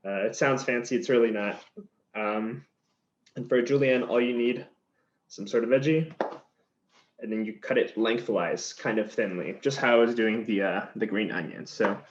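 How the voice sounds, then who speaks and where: While chopping vegetables in a kitchen, a man runs a cooking demo, explaining the steps in a casual, conversational style. He has a fairly low pitch and talks at normal speed; the recording carries faint noise and sounds slightly dull.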